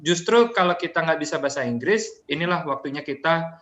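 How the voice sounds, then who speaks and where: A man's voice: a little high, expressive, quick pace, a bit bright. A man giving cheerful, encouraging closing remarks to students in an online class. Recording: roomy echo.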